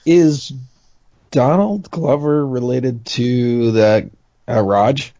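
Slow-talking man in casual chat. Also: medium pitch, lo-fi sound, crowd noise. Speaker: podcast co-host.

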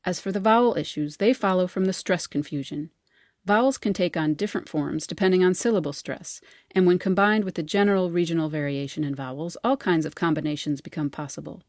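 Woman, American accent, linguist narration, lowish pitch, dry studio voice. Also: darkish tone, no echo. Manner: measured, explanatory delivery. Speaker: linguist and editor. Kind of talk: scripted explainer narration.

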